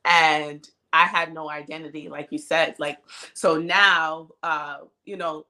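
A woman in her thirties hosts a podcast in a candid, chatty way and laughs often. Her voice is on the low side for a woman and sounds bright and forceful. She is recorded on a cell phone. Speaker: podcast co-host. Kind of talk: casual chat.

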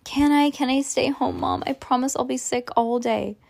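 A woman's voice: sits high, normal speed, vocal fry, darkish tone, pitched above the performer's own voice. A woman voicing a grumpy, dramatic schoolgirl who whines and pleads.

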